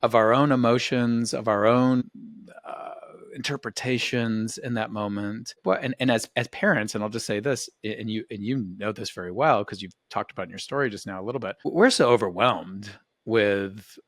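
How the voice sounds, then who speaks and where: A man hosting a podcast, with a low voice recorded close and dry. He muses aloud in a reflective, rambling way and keeps restarting his sentences. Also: normal speed, fairly bright tone, dry recording. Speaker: podcast host. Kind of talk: casual podcast conversation.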